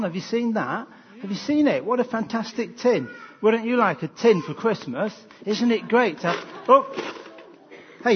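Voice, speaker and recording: A man leading a playful Christmas children's talk in church, lively and animated. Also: high voice, dull audio. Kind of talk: Christmas family service talk.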